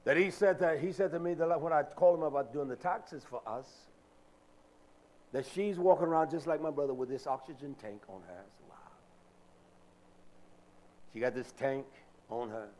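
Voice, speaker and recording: An older man preaching a sermon, animated and acting out the voices of people he quotes. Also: a little high, brisk, a little hiss or hum.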